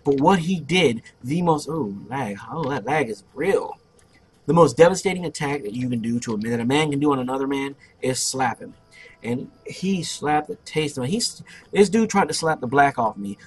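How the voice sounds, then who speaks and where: A young man narrating his online game play, telling a loud, profane story about a fight. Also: medium pitch, expressive, moderate pace, breathy edge. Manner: brash, profane, boastful storyteller. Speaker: gameplay commentator. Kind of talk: casual let's play storytelling.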